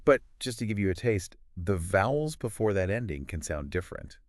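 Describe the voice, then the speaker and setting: A man co-hosting a podcast, talking in a relaxed conversational way and summing up points. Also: sits low, a little fast, no echo, studio quality. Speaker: podcast co-host. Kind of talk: casual chat about pronunciation.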